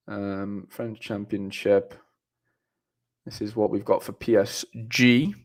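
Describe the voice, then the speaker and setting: A man's voice: fairly low pitch, steady tone, takes it slowly. A young man hosting a live stream, reading viewer comments aloud in a casual, rambling way with lots of fillers and restarts. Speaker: livestream host.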